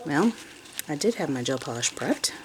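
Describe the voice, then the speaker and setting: A woman filming a casual nail art tutorial. She talks quietly while she works and turns to coo at and scold her cat. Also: very animated, normal speed, a little hiss or hum. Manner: soft and low while working, higher and cooing when talking to the cat.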